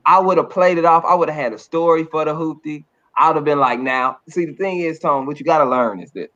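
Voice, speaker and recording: A man's voice: on the high side, quick pace, a bit bright. A man co-hosting a podcast, teasing a friend in jokey banter. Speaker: podcast co-host. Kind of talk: casual chat. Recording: muffled, slightly dull sound.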